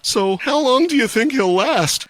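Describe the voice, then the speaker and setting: A man's voice: very high voice, lively intonation, measured pace, a bit bright, voice pushed up, full character voice. A man voicing a young male student who mocks the others. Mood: scoffing. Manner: scoffing.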